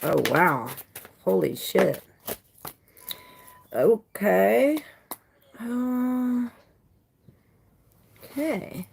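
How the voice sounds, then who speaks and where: A woman's voice: medium pitch, very slow, creaky, pauses often, a little mellow, a little hiss or hum. A woman doing a casual live tarot reading who talks loosely, swears freely and greets viewers by name. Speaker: tarot reader.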